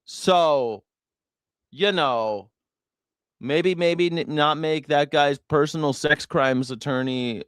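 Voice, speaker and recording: A man's voice: fairly high pitch, slow pace, a bit bright, clean tone, dry recording, studio quality. A man hosting a news reaction show, ranting sarcastically with profanity.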